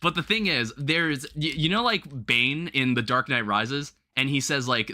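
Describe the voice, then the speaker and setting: A young man hosting a livestream, chatting casually while gaming and telling rambling, animated stories with some swearing. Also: mid-range voice, measured pace. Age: young adult. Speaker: livestream host.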